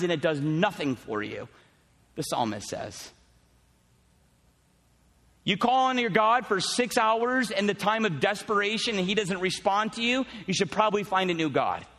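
A man's voice: high voice, a bit bright, big-room sound. A male pastor preaching a sermon at a church service, conversational and teasing with casual asides.

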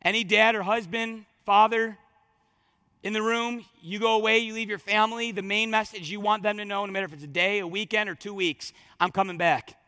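A man preaching a sermon as pastor, emphatic and repetitive, swinging from loud declarations to hushed words. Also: sits high, steady tone, fairly quick, dry recording.

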